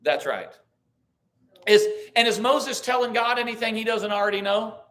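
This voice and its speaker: A man's voice: sits high, animated, normal speed, pushed and bright. A man teaching a church Bible class, thinking aloud with restarts, reading verses and asking the group questions. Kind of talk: conversational Bible study teaching.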